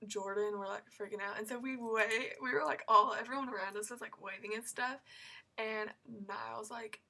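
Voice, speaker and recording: A woman's voice: on the high side, steady tone, moderate pace, bright, forceful tone. A teenage girl telling a story in a vlog, gushing and rambling with many fillers and squealing when she quotes herself. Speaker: vlogger.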